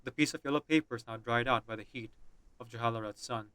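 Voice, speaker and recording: A man's voice: mid-range voice, fast talker, fairly bright tone, clear, resonant tone, dry recording. A man streaming, reading and voicing a game's story with chatty asides.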